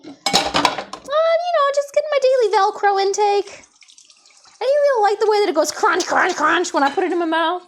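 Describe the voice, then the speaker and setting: A woman's voice: very high voice, animated, normal speed, slight background noise, pitched above the performer's own voice. A woman voicing a sassy little pet. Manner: sassy, matter-of-fact backtalk. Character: cheeky little male pet who chews everything.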